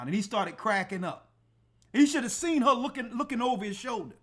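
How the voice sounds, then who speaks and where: A man's voice: very high-pitched, a little fast. A man telling a personal story in a casual, emphatic way, acting out the people in it. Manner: animated, emphatic, acts out dialogue. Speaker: church elder and show host.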